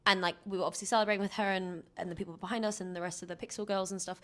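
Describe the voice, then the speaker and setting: A woman's voice: medium pitch, racing. Laughing young woman telling stories. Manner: animated storytelling, laughs a lot. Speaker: podcast co-host. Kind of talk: casual chat.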